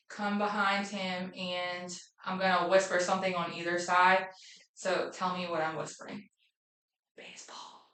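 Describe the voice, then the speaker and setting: A woman's voice: mid-range voice, a bit bright. A woman methodically narrating a physical exam demonstration, listing findings aloud with occasional ums. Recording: echoey room.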